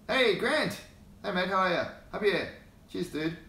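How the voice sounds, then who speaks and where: A man's voice: sits high, expressive, normal speed, gravelly, sharp tone, reverberant. An Australian man hosting a casual livestream, rambling and chuckling as he greets viewers by name, talking into a phone held in his hand. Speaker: hobby channel host.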